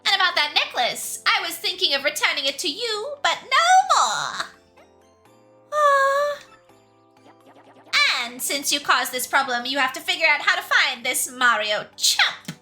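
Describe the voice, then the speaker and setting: A woman's voice: extremely high pitch, sing-song, a little slow, sharp tone, soft background music, pitched above the performer's own voice, full character voice. A woman voicing a cruel, imperious old female shadow witch in a haughty, scolding manner, with an almost Russian accent.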